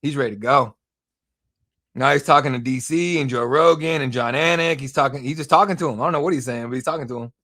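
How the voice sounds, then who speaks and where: A young man hosting a live fight watch-along stream, rambling, excitable and profane in casual commentary. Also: mid-range voice, quick pace. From United States.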